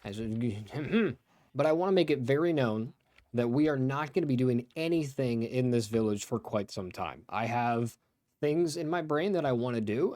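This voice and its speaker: Young man, gaming host, rambling chat, mid-pitched voice, dry close mic. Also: no echo. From Ohio, USA. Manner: chatty, rambling, excitable bursts. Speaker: let's play host. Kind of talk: casual gameplay commentary.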